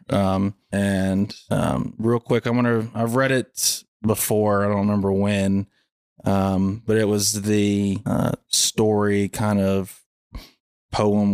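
A young adult man hosting a podcast, talking slowly and haltingly with lots of pauses and fillers. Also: fairly low pitch, a little mellow, smooth, no room sound, studio quality. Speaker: podcast host. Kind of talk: casual reflective chat.

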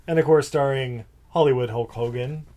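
A man's voice: mid-range voice, moderate pace, very noisy. A man co-hosting a podcast in casual chat, joking and laughing often as he talks. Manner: jokey, laughs often, uses "y'all". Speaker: podcast co-host.

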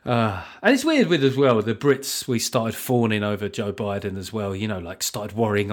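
A man's voice: medium pitch, very animated, fairly quick, hardly any pauses. A man hosting a comedy podcast, riffing sarcastically with frequent swearing and mocking asides, recorded so the levels clip now and then. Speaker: podcast host. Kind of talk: comedic solo podcast rant. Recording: levels topping out, sounds lo-fi.

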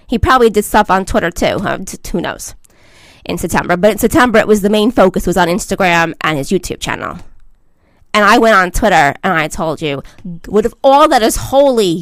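A woman's voice: mid-range voice, no room sound. A woman giving a blunt, emphatic vlog monologue as a social media commentator, lecturing her listeners.

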